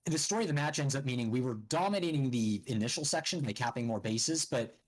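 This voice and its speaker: A man, a team leader, explaining how a match was won in a measured, analytical way. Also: mid-range voice, poor audio. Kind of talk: casual esports chat.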